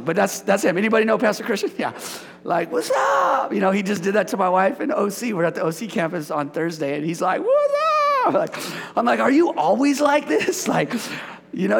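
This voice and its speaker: A man in his forties delivers a lively sermon, his voice pitched high with a gravelly edge. He jokes and teases the congregation as he goes. The sound carries a long reverb from the church hall. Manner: playful, energetic, joking with the congregation. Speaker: pastor. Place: church sanctuary.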